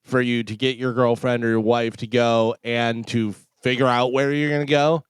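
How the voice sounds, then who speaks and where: A man's voice: medium pitch, flat delivery, moderate pace, smooth, no room sound, clean studio sound. A man co-hosting a morning radio show, telling an exasperated, joking story about his home life. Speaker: radio co-host. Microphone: studio microphone.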